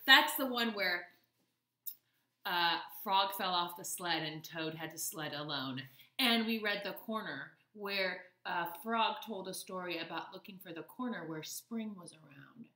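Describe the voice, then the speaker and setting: A young woman with a lowish voice reads a picture book aloud to children, slow and lively in a teacherly way. The recording is reverberant.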